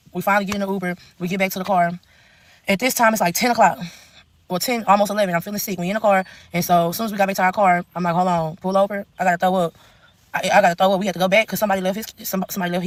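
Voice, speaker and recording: A woman's voice: medium pitch, steady tone, racing. A young woman telling a blunt, profane storytime into her phone, in long run-on stretches. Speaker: TikTok storyteller. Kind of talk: casual storytime rant.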